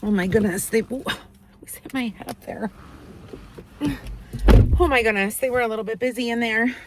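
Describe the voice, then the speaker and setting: A woman chatting casually while driving, rambling from one errand to the next and talking to her dog in a high baby voice. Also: a little fast. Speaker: vlogger. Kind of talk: casual car vlog chat. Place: inside a car while driving. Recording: steady car road noise.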